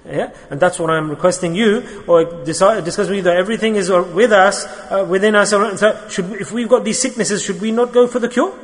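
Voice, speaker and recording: A man's voice: high voice, brisk, hardly any pauses. A man giving a sermon at a religious gathering, putting repeated rhetorical questions to his listeners. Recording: long hall reverb.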